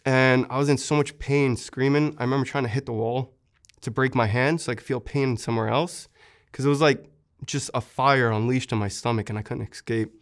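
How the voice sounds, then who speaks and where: A man's voice: medium pitch, steady tone, a little fast. A young man, a war veteran, earnestly recounting how he was wounded, in an interview, with many fillers.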